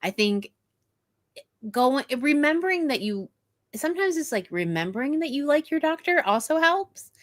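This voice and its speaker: A woman co-hosting a casual chat, telling stories in a lively way. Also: high voice, normal speed, no echo. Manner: lively, animated storyteller. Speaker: co-host.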